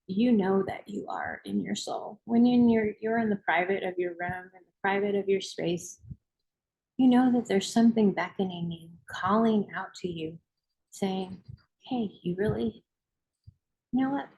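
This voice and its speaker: A woman's voice: mid-range voice, moderate pace, gravelly, a little mellow, low-quality recording. A woman hosting a book club, reading aloud and giving an emphatic, rousing motivational talk.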